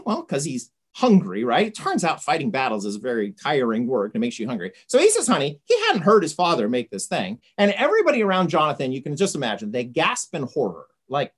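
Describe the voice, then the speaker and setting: Lively, low-voiced woman lecturing. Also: slightly rough. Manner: informal, keeps checking in with "right?". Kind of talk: conversational lecture retelling a story.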